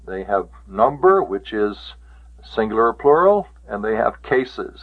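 A man teaching a Greek vocabulary lesson. He repeats each word slowly and stresses how it is pronounced. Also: on the low side, sing-song. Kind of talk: classroom lecture on Greek vocabulary. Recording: tinny, phone-like lo-fi recording.

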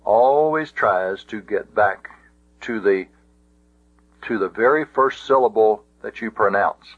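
A man teaching a Greek grammar lesson, speaking deliberately with frequent restarts. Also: fairly low pitch. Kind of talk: classroom lecture. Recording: dull lo-fi audio.

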